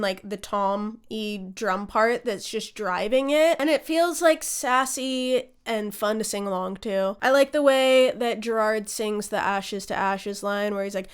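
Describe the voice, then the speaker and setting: Young woman chatting to her viewers, kinda high smooth voice, super enthusiastic and casual, swears a bit. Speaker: music video creator ranking album songs. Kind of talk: casual talk to camera.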